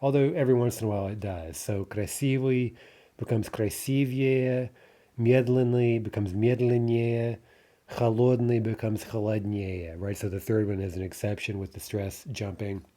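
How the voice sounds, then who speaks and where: A man's voice: lowish voice, fairly even intonation, brisk, mellow. A man teaching a recorded language lesson, explaining patiently with frequent "right?" checks and filler sounds. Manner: explanatory, repeats "right?" often, hesitant fillers.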